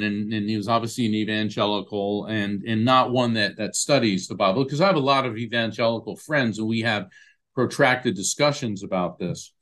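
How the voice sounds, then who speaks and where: A man at an ordinary middle pitch talks through a podcast interview with animated storytelling. He breaks into the voices of the people in his stories as he goes. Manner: animated storyteller who acts out quoted voices. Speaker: guest, medium and lawyer.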